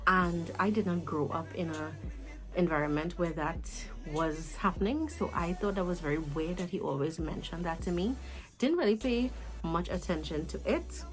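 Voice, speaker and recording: A Trinidadian woman in her twenties telling a storytime vlog in an animated, chatty way, with asides to her viewers. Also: lowish voice, normal speed, faint music behind, low-quality recording. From Trinidad and Tobago. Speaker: vlogger.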